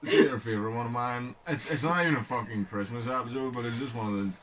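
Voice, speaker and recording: A man's voice: medium pitch, fast talker, a bit bright, a little hiss or hum. A young man co-hosting a casual podcast, telling stories chattily with frequent swearing and laughter. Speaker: podcast co-host.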